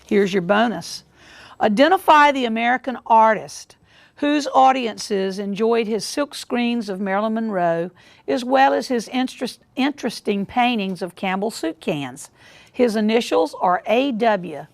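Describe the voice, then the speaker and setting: Gravelly-voiced woman hosting a quiz. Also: a little high, animated. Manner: measured, repeats questions deliberately. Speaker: quiz show host. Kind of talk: reading quiz questions.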